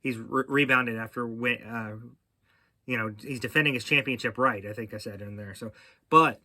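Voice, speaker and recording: A middle-aged man hosts a casual racing chat, rambling and restarting his sentences as he goes. His voice is bright and forward, and it sits close and dry with no room sound around it. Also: medium pitch, normal speed, dry recording. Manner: rambling, with frequent fillers and restarts. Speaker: podcast host.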